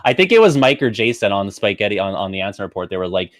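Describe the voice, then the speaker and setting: A man's voice: on the low side, big pitch swings, racing, no echo, clean studio sound. A man as a guest on a casual podcast, hedging his opinions with fillers and breaking into joking, exaggerated rants.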